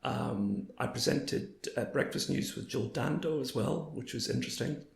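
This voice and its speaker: A man in his fifties, hoarse, telling stories as an interview guest. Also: mid-range voice, normal speed, a little hiss or hum. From Scotland. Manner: anecdotal, quoting others in lively voices. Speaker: guest, former broadcaster. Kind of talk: storytelling in a casual interview. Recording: roomy echo.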